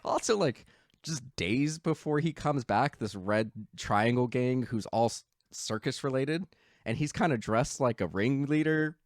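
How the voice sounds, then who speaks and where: Guy on a podcast going through a movie plot, lively, dry close sound. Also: medium pitch, measured pace, dry recording. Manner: animated storytelling, acts out quotes. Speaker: podcast co-host. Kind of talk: casual chat.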